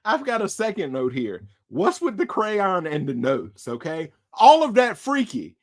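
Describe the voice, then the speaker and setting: A man co-hosting a casual podcast about movies, with a high voice that swings widely as he talks. He tells stories with plenty of energy and acts out the other people in them. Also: a little slow. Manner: animated storyteller, acts out voices. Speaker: podcast co-host. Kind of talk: casual movie-discussion chat.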